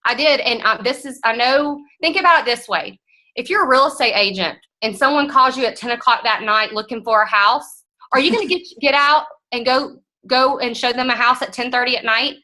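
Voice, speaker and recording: Woman in her thirties, frank and direct, bright and a bit high, team-meeting speaker. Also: a little fast, low-quality recording. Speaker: guest speaker. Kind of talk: motivational team talk.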